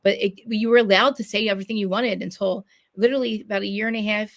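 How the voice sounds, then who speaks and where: A quick-talking woman, loud and blunt, swearing freely as she hosts a casual podcast. Her voice has a gravelly edge and sits close and dry on the mic. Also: medium pitch, steady tone, no echo. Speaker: podcast host. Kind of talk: casual live podcast chat.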